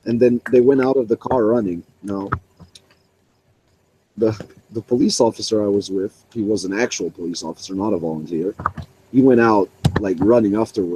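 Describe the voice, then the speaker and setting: A man's voice: lowish voice, warm tone, slight background noise, poor audio. A young man swearing freely as he tells a rambling story in a casual online voice chat. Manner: profane, rambling, laughing.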